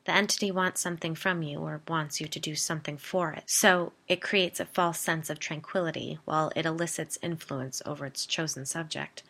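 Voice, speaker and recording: A woman reading the part of a calm, assured woman exorcist in a spoken story, measured in manner. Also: low voice, gravelly, full character voice. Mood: reassuring. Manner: measured, reassuring.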